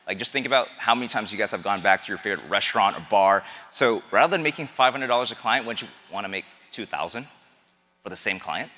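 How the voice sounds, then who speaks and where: A man giving an energetic seminar talk to a live audience as a business coach, often asking the crowd questions. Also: fairly low pitch, fast. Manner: animated, asks the crowd questions. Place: event hall with a live audience. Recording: long hall reverb.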